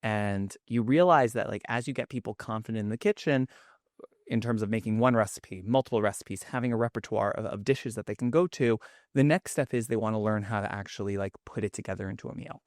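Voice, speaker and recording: A man's voice: fairly low pitch, fairly quick, dry recording, clean studio sound. A man in his thirties with a New York Queens accent, a cookbook author chatting as a podcast guest in an effusive way. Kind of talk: casual podcast chat.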